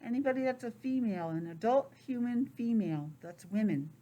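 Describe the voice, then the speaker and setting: Middle-aged teacher, expressive and talkative, reads aloud to preschoolers in a classroom. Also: female voice, medium pitch, normal speed. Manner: chatty, expressive, drifts into personal asides. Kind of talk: reading aloud and chatting to young children.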